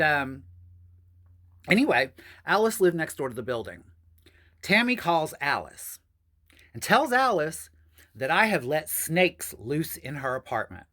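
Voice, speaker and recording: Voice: mid-range voice, fairly bright tone. A host telling a personal story in a casual vlog, chatty and addressing viewers as "y'all.".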